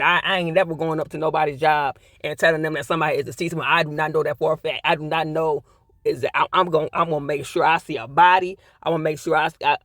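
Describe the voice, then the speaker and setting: A man's voice: a little high, fairly bright tone, dry recording, studio quality. A man giving a casual, blunt TV episode review, swearing freely and repeating his points for emphasis. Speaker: TV show reviewer.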